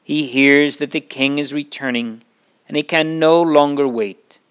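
Male storyteller, Bible story narration, slow and earnest, smooth clear voice. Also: a little high, fairly even intonation, fairly bright tone. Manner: slow, earnest, moralizing asides.

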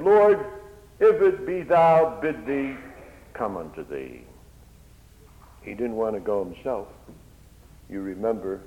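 A man's voice: lowish voice, slight background noise. A man preaching a sermon, impassioned, his voice swelling and dropping. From Netherlands. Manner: impassioned, swells and drops in volume. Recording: dull lo-fi recording.

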